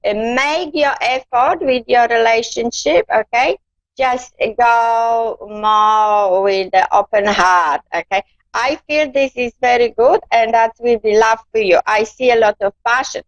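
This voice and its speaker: Gentle, slow woman doing a psychic reading. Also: on the high side, dry recording, lo-fi sound. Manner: non-native English, gentle and coaxing, calls the viewer darling and keeps asking okay. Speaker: psychic card reader hosting a live stream. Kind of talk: live-stream spiritual reading.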